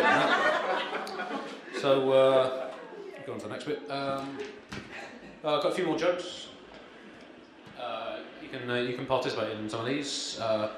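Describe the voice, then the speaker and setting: A man doing a deadpan stand-up comedy set at a live gig, with dry humour, hesitant ums and frequent chuckles. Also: medium pitch. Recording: very echoey room with clear ambience.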